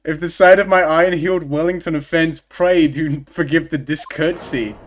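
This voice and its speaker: A man's voice: on the high side, fairly even intonation, normal speed, lightly acted. A man reading as a haughty aristocratic prosecutor. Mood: lofty. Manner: formal, lofty reading of game dialogue.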